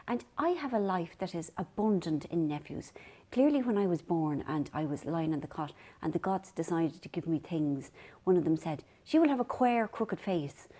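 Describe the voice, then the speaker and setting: Rambling Irish woman, mellow voice. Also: low-pitched, normal speed. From Ireland. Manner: rambling, self-deprecating storytelling. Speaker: vlog host. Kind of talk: casual chat to camera.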